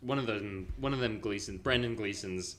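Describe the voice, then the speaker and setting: A man's voice: on the low side, moderate pace, a bit bright. Rambling young man on a film podcast. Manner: rambling, heavy on fillers and restarts. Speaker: podcast co-host. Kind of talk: casual film chat.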